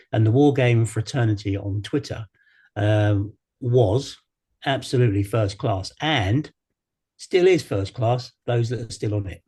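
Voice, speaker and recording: Mellow, husky man rambling with fillers. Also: mid-range voice. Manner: meandering, hesitant with many fillers. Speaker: podcast co-host. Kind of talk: casual podcast chat.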